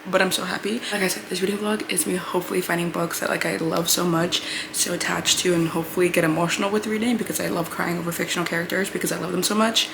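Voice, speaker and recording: A woman's voice: lowish voice, fairly even intonation, quick pace, vocal fry, background noise. A young woman chatting in a casual reading vlog, bubbly and gushing, with lots of "like" fillers, recorded at home. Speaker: book vlogger.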